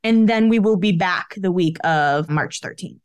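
In an unhurried, fairly low voice with a clear, resonant tone, a woman co-hosts a podcast, gossiping casually about pop culture and dropping "like" all the time. The recording has no echo.

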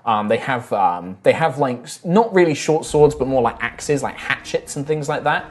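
A man narrating as game master in a relaxed, rambling way with many fillers. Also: medium pitch, moderate pace. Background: faint music.

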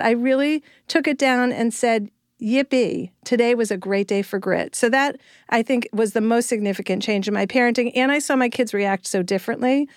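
Smooth-voiced middle-aged woman, earnest. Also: fairly high pitch, no room sound, clean studio sound. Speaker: podcast co-host. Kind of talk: casual chat.

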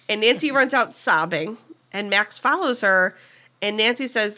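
Bright-voiced woman recapping a movie. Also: medium pitch, normal speed. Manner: animated retelling, acting out character lines. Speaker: podcast co-host. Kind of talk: casual movie recap chat.

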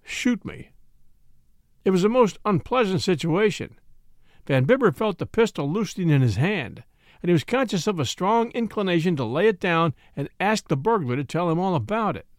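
A man narrating a classic short story in a measured storytelling manner. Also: sits high, sing-song, dry recording, studio quality. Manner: measured storytelling with voiced dialogue. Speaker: audiobook narrator.

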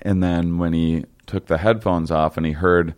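A young man telling a long story in casual chat, halting and rambling with many fillers and restarts. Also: deep voice, steady tone, a little mellow, clean tone.

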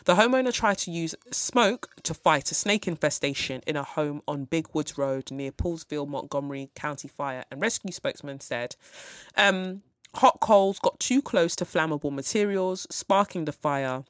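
Podcast host ranting, swears a lot, fed up, middle pitch, dead dry mic. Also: expressive, moderate pace, a bit bright, smooth, dry recording. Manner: blunt, profane, exasperated. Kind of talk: ranting commentary.

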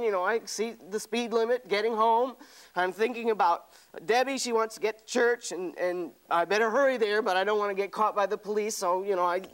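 A man taking part in a couples counseling exercise, speaking haltingly and pleadingly, repeating words as he voices his hurt. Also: high-pitched, a bit bright, clear, resonant tone. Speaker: workshop participant. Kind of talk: emotional confrontation exercise. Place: counseling seminar room.

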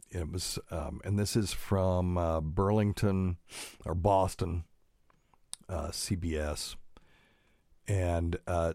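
A man talks through a solo podcast in a low, deep voice. The sound is close and dry, with no room around it. He rambles, trails off with fillers, and fusses over correct word usage. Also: darkish tone, no room sound. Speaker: podcast host, doctor. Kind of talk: casual solo podcast monologue.

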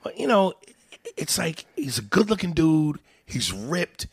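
Gravelly, husky man riffing profanely. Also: a little high, unhurried, no room sound, studio quality. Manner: profane, animated, riffs and acts out voices. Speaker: comedian guest. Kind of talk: casual podcast chat.

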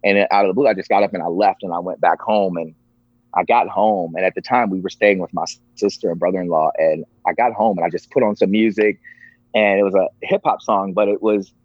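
As a podcast guest, a man with a deep voice tells a personal story in an earnest, emotional way, acting out the voices he quotes. His tone is steady and his pace brisk. The audio is dull, lo-fi and dry, with no echo.

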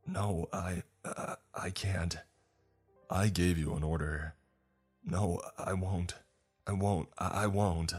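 A man's voice: deep voice, fairly even intonation, slow pace, husky, faint music behind, exaggerated voice. A man voicing a young man refusing an order, his voice strained and breaking. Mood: anguished.

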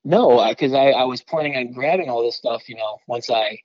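An excited, rambling man from Michigan tells a long story as a podcast guest, with plenty of "like" and "you know". His voice sits at an everyday pitch. The audio is dull and lo-fi and very dry, with no room sound. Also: a little fast, dry recording. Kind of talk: casual storytelling in a podcast interview.

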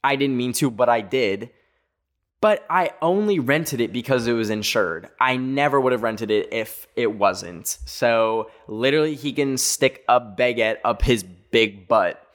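Man, twenties, casual storytelling, rambling, lots of "like", animated. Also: mid-range voice, unhurried. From Canada. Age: 20s. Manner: rambling, animated, full of filler "like".

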